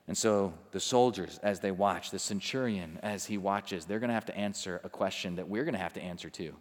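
A man preaching a sermon as a pastor, swinging from hushed, slow phrases to loud, emphatic ones. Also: sits low, long reverb tail.

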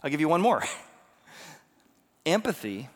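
Preaching slowly in a slightly high, sing-song voice, this pastor moves between hushed storytelling and loud, emphatic passages. The sermon echoes with the long reverb of a big church hall.

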